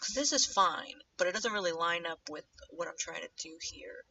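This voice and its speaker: Sharp-voiced young woman rambling on stream. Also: animated, normal speed, recorded from a distance, slight background noise. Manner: rambling and chatty, drifting into low muttering to herself. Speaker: streamer animating live. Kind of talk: casual livestream chat while drawing. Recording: dull lo-fi mic set back from the speaker.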